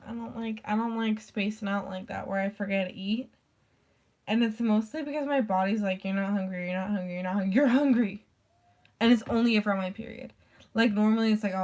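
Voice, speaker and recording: A woman vlogger chats casually in a medium-pitched, a little mellow voice. She rambles along, saying "like" over and over and swearing casually.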